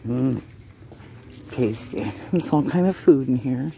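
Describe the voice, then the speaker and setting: Slow-talking chatty woman. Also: a bass voice, lively intonation, noisy background. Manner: chatty, talks to viewers, chuckles often. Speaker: shopping vlogger. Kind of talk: casual running commentary. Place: inside a large retail store.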